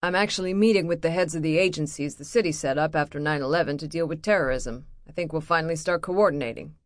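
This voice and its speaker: A narrator voicing a weary, defensive FBI agent. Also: male voice, sits high, lively intonation, brisk, dry recording, studio quality, voice pushed up. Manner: defensive, a little proud.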